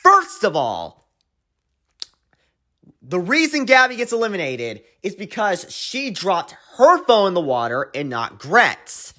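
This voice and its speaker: A man hosting his own channel, giving an exasperated, swearing rant that swings between quiet grumbling and loud outbursts. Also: high voice, huge pitch swings, takes it slowly. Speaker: channel host reviewing a cartoon episode. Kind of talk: ranting commentary.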